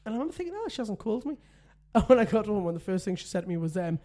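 Co-hosting a casual podcast chat, a man in his thirties speaks with a voice fairly high for a man. He tells stories chattily and laughs often, his delivery sing-song, racing, and warm.

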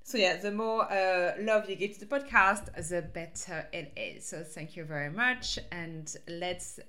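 A woman's voice: fairly low pitch, measured pace, bright, forceful tone. A woman with a French accent hosting her own podcast as a life coach, talking casually and upbeat with fillers and restarts.

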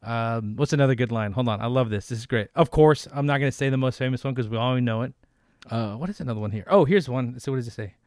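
A man in his thirties co-hosting a casual podcast, animated and jokey, trading movie quotes and impressions. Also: mid-range voice, quick pace, dry recording, clean studio sound. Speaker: podcast co-host.

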